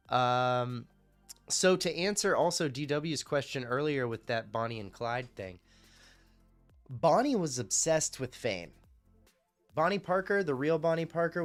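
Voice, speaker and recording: Man, live streamer, casual chat, rambling, swears, mid pitch, faint background music.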